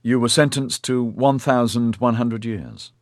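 A man voicing a patient, formal male clinic official who explains things in a measured, polite way with hesitant fillers. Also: medium pitch, fairly even intonation, no room sound, studio quality, voice pushed up, lightly acted. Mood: explaining.

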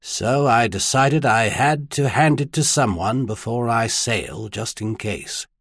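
A man reading the part of a mild, measured older male archbishop in an audiobook. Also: mid-range voice, husky, no echo, studio quality. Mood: grave. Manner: mild, measured, then grave.

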